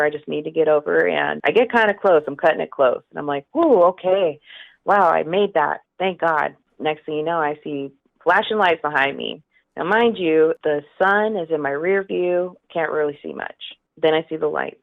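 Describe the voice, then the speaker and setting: Former woman officer, husky-gravelly low voice, candid storyteller, thin phone line. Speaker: former law enforcement officer, guest. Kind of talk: storytelling in an interview.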